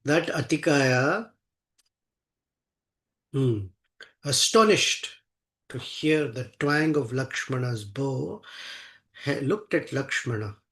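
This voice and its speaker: A man leads a devotional scripture class, telling an epic battle story. He chants Sanskrit verses and then unpacks them in English, speaking slowly and with emphasis in a mid-pitched voice. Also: expressive, a bit bright. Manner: earnest, emphatic retelling. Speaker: scripture teacher.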